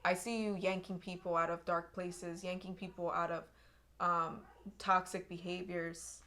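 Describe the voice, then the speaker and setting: A young woman with a somewhat low voice gives a tarot reading straight to her viewers. She speaks earnestly and with feeling, circling back to repeat herself and restarting her sentences as she goes. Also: little pitch movement, a little slow, sharp tone. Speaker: tarot reader.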